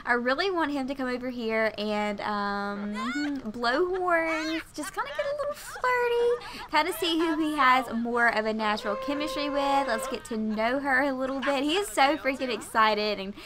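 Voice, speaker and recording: A woman's voice: high voice, animated, normal speed, very noisy. A young woman doing casual gameplay commentary, chatty and gushing with lots of fillers. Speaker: let's play host.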